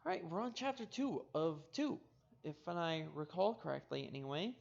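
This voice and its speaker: A woman's voice: low voice, very animated, moderate pace, vocal fry, a little mellow. A woman co-hosting a live stream, chatting casually with a giggly, playful manner. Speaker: stream co-host. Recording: dull lo-fi mic.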